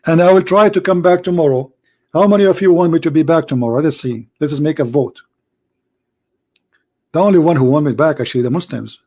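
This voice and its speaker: A man with a hoarse voice who debates religion in a sarcastic, mocking way in an online commentary video. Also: fairly high pitch, fairly quick, darkish tone.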